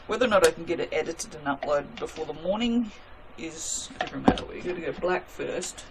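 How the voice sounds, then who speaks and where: A woman's voice: sits low, expressive, brisk, few pauses, very noisy. A woman chatting casually to her viewers while making soap, self-mocking and talking to herself as she works. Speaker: soap maker.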